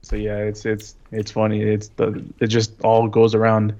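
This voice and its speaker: A man co-hosting a casual chat, offering relaxed, halting commentary. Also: on the low side. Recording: slightly dull lo-fi sound.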